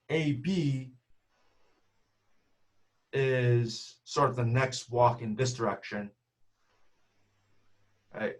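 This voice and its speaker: A man giving a math seminar talk over a video call, explaining step by step and often checking in with "right?". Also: mid-range voice. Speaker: math speaker.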